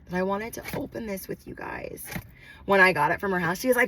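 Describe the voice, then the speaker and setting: A woman's voice: mid-range voice, animated, fast, pushed and bright, slight background noise, poor audio. A woman vlogging to camera from a car, gushing and emotional as she thanks her viewers over and over. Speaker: spiritual vlogger. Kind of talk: casual vlog talk to camera.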